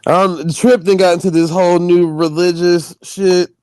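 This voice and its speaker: A man's voice: high voice, flat delivery, moderate pace, a little mellow, clear, resonant tone, no echo. A man hosting a casual livestream, ranting bluntly and profanely about a panel discussion. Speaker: stream host.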